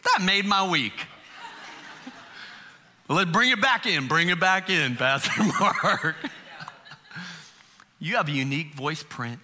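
Middle-aged guy preaching, chatty and joking, throws questions at the crowd, super bright punchy tone, a bit high. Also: animated, slow, long pauses, a little hiss or hum. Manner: conversational, humorous, rhetorical questions. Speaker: pastor. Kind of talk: sermon.

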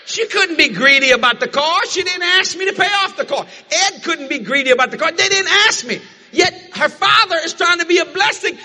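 An older man from the American South preaching a sermon, telling folksy family stories with frequent shouting and laughter. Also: extremely high pitch, long reverb tail, a little hiss or hum.

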